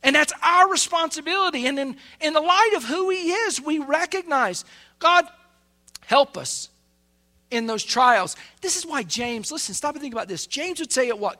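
A man preaching a fervent sermon as pastor, swinging between quiet asides and loud, raised bursts. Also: very high voice, expressive, moderate pace.

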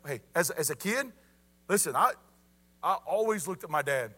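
A middle-aged man delivers a sermon, his voice bright and forward. He preaches in an animated way, calling out to his listeners again and again and building each point to a stronger finish. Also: a little high, moderate pace. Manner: animated preaching with repeated call-outs and rising emphasis. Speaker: pastor.

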